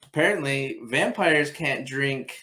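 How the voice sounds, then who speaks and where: A man's voice: medium pitch, unhurried, bright, forceful tone. A man co-hosting a casual movie podcast, blunt and opinionated, with a lot of ums. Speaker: podcast co-host.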